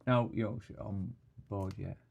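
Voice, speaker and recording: A man's voice: lowish voice, steady tone, measured pace, gravelly, darkish tone, muffled recording, a little hiss or hum. Chatty man streaming repairs. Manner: jokey, rambling, answers chat comments. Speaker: repair livestream host. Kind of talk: casual livestream chat while repairing.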